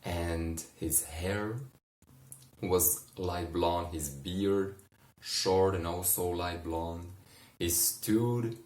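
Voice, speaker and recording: A man narrating a bedtime sleep story in a soft, meandering way, often correcting himself as he goes, recorded in a roomy space from a distance. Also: low-pitched, fairly even intonation, drawn-out words.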